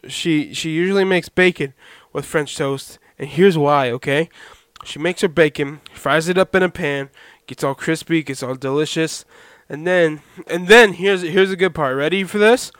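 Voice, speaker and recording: A young man hosting a solo podcast, talking loudly to listeners on a badly set microphone and checking in with "okay?" and "all right?" again and again. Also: a little high, clean tone, no room sound, studio quality. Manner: loud, talks to listeners with repeated "okay?". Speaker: podcast host. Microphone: poorly set podcast microphone.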